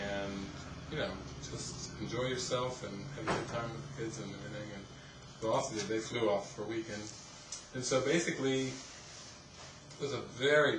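A man, a spiritual teacher, telling a rambling, animated story in casual talk at a retreat, often laughing. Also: medium pitch. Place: retreat hall. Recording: roomy, distant, noisy ambience.

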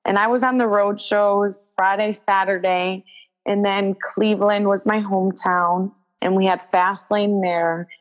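As an interview guest, a young adult female wrestler recounts a story in lively, casual talk, voicing the quoted lines herself and filling gaps with "like". She speaks unhurriedly at a medium pitch. The recording quality is rough.

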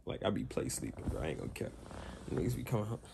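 A man's voice: sits low, fast talker, vocal fry, noisy background. A young man casually telling a story to camera in heavy slang, acting out the other people's lines. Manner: animated slangy storytelling, acts out quotes. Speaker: vlogger.

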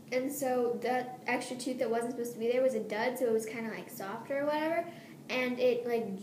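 A woman's voice: on the high side, a little mellow. A nervous teenage girl rambling casually about her upcoming surgery, giggling often and drifting off topic, recorded in a room at home. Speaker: vlogger. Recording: echoey room, faint hiss.

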